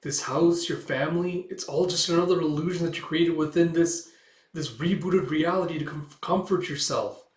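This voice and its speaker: A man as a calm old farmer hero, earnest and steady. His voice sits a touch high and rings in an echoey room. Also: moderate pace, lightly acted.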